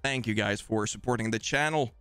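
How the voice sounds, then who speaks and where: A man's voice: on the low side, brisk, pushed and bright, clear, resonant tone, no echo, faint music behind. A man with a Swedish accent hosting a live game stream, casually joking and thanking viewers. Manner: jokey, rambling, thanking viewers. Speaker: streamer host.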